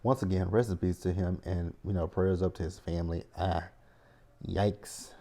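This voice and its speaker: A man's voice: low-pitched, level tone, moderate pace, mellow. A man hosting a reality TV recap, talking bluntly and profanely in an exasperated, ranting way. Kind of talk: casual recap commentary.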